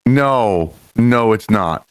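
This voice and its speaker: A man's voice: fairly low pitch, lively intonation, extremely slow, smooth, no room sound, rough recording. A man in a tabletop game, pressing with suspicious questions. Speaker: tabletop player.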